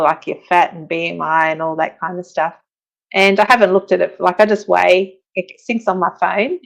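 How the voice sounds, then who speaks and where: Chatty woman, low, lo-fi. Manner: chatty, reads viewer comments aloud. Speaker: guest. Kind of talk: casual live-stream chat.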